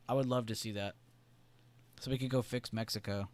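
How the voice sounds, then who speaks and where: A man's voice: medium pitch, fast, no room sound. A man hosting a live trading stream, chatting casually and reading out viewer comments in a rambling, joking and profane way. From United States.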